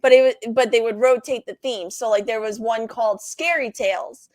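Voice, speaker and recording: A woman, a podcast guest, telling stories in a casual, animated way, swearing freely and laughing between lines. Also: a little high, moderate pace, no echo. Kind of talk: casual storytelling.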